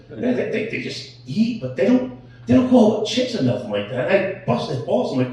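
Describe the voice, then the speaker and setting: Crude, animated middle-aged male comic. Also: high voice, moderate pace, far from the mic, a little hiss or hum. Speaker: stand-up comedian. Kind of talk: stand-up set. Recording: echoey room, heard from off-mic.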